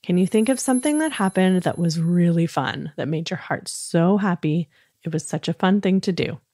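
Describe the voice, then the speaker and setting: A woman hosting a children's podcast, leading a gentle, soothing bedtime talk that encourages young listeners. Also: fairly low pitch, lively intonation, normal speed, dry recording, clean studio sound.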